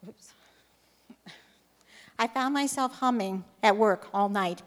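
A woman's voice: fairly high pitch, slow pace. Nervous woman reading a testimony. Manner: nervous, hesitant. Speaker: church member giving a testimony. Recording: long hall reverb.

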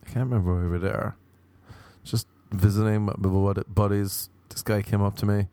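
A man's voice: fairly low pitch, steady tone, normal speed, dark tone, dry recording. An Irish man telling rambling, profane comic stories in a wry, offhand way. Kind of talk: casual comedic monologue.

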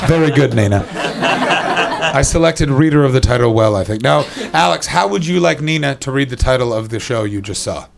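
A male stand-up comedian with a gravelly, creaky voice works the crowd on a club stage. His delivery is wry and teasing, with casual swearing, close on a handheld mic. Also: mid-range voice, lively intonation, normal speed, noisy background. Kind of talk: improvised stand-up with crowd work.

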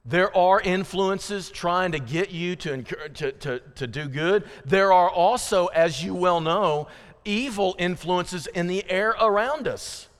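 An American man preaching a sermon as pastor, swinging from loud, rising passion to low, intimate appeals. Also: unhurried, clean tone. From United States. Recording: hall reverb.

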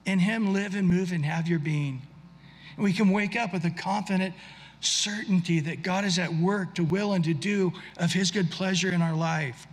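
A pastor with a high voice preaches earnestly and conversationally in a big room. He often restarts his sentences midway.

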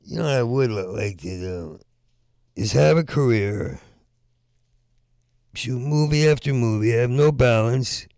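A man doing a rambling stand-up comedy set, stuttering through restarts and breaking into loud rants. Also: mid-range voice, measured pace, long pauses, dry recording, studio quality.

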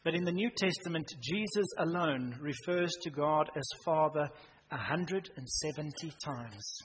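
A man preaching a sermon in church, swinging from loud emphasis down to a hushed near-whisper. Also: fairly high pitch, measured pace. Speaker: pastor. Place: church hall. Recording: reverberant church hall, faint noise.

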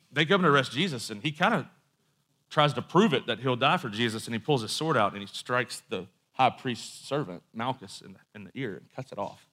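A man's voice: medium pitch, bright, forceful tone. A man preaching a sermon in a conversational storytelling way, with asides and quoted voices.

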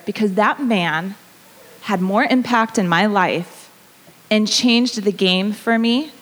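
A woman in her thirties giving a conversational sermon testimony in a church, telling a story with frequent laughter. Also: mid-range voice. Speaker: church speaker. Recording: long reverb of a large hall.

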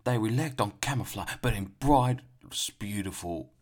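A man doing an excitable Aussie wildlife guy. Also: on the low side, normal speed, voice pushed up. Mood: excited. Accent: Australian. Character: impression of a famous Australian wildlife presenter, adult man, excitable.

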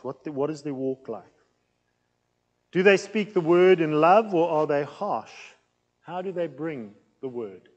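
Loud-voiced preacher in a reverberant hall. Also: male voice, on the high side. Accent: non-local accent in England. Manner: loud, plain-spoken, conversational with asides. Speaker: pastor teaching a series. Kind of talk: sermon teaching.

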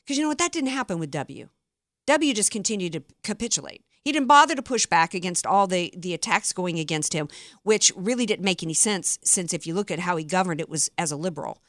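A woman's voice: fairly low pitch, lively intonation, a little fast, a bit bright, dry recording. Woman radio host, sarcastic and indignant political monologue, dry close-mic studio sound.

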